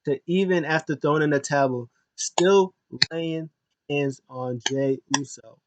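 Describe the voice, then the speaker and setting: A man giving a casual spoken review of a show, retelling it in an animated way, with frequent restarts and lively acted quotes. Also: on the high side, measured pace, background noise.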